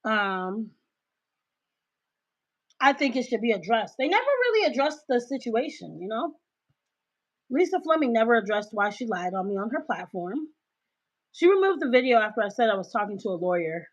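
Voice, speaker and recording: A woman hosting a casual livestream, talking loudly and emphatically into her cell phone. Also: fairly high pitch, big pitch swings, normal speed, pauses often. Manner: loud, emphatic, ranting. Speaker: livestream host. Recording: dull cell-phone recording.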